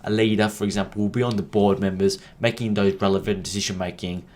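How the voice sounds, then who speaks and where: Young male podcaster, lowish voice, casual heated rant, rambling and swearing. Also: fairly even intonation, fast talker, a little mellow. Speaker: football podcast host. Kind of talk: casual opinion monologue.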